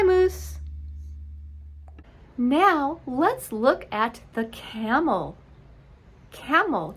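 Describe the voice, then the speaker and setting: A woman teaching young children, sounding out words slowly and spelling them letter by letter. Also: high voice.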